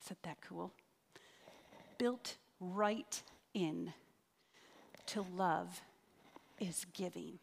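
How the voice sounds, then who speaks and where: A woman's voice: lowish voice, vocal fry, slightly rough. A middle-aged woman giving an earnest sermon in a church, stretching key words out for emphasis. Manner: earnest, drawn-out emphasis, leads the congregation in prayer. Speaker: church speaker. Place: church sanctuary. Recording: reverberant church hall.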